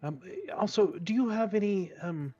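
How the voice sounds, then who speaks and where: A man's voice: high-pitched, normal speed, mellow, soft background music. A man playing his character in a tabletop game, stammering and hesitant as he speaks. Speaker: player. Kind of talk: in-character role-play. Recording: muffled, distant mic.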